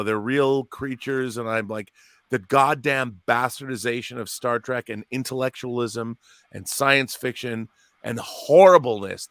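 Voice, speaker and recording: A man's voice: a little high, fairly bright tone, no echo. Ranting, indignant man, dry close sound. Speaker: co-host. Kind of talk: live watch party chat.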